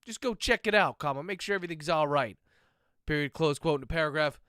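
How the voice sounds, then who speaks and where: A man's voice: a little high, quick pace, bright, forceful tone, clean tone, dry recording, studio quality. A man voicing a firm, insistent detective. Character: determined male detective, quietly insistent.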